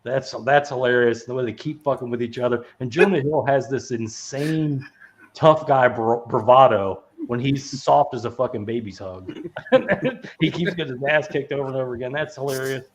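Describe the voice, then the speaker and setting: A man's voice: medium pitch, moderate pace. A man hosting a podcast, chatting casually about movies in a rambling, profane way, laughing often and full of fillers and restarts. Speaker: podcast host. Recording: dull lo-fi sound.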